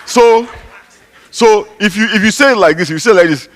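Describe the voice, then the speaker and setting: Breathless Nigerian-born pastor preaching. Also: male voice, sits high, a little fast. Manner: chatty, joking, breaks into laughter. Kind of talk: sermon. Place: church hall.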